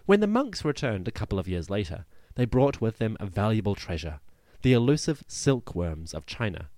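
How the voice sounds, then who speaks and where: A man hosting a history podcast, narrating from a script in a lively storytelling way with wry asides. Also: fairly low pitch, normal speed, no room sound, clean studio sound.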